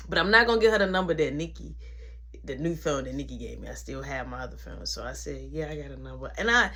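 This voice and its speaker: Animated husky woman telling a story. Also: lowish voice. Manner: animated, acts out quotes, slangy. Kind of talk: comedic storytime monologue.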